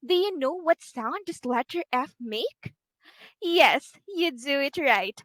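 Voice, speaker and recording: A woman teacher with a Filipino English accent, giving a slow, encouraging online phonics lesson to a child and modelling each sound for her. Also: sits high, expressive, a bit bright, no room sound, rough recording.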